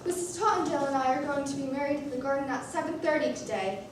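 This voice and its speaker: A woman's voice: high voice, quick pace, a little hiss or hum, close to an everyday voice. A woman playing a prim, dutiful male butler in a stage musical. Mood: cheerful. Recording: echoey stage from far off.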